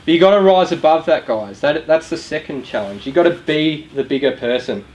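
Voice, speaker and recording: A man's voice: fairly high pitch, lively intonation, fairly quick, darkish tone, slight background noise, rough recording. Casual Australian man talking to youth. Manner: casual and chatty, asks the audience questions. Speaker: youth charity speaker. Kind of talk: motivational talk to young people. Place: room with a live audience.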